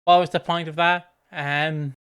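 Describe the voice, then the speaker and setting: A man's voice: on the high side, flat delivery, measured pace, a bit bright, clear, resonant tone. A man co-hosting a podcast in casual chat, rambling into tangents and laughing easily. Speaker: podcast co-host.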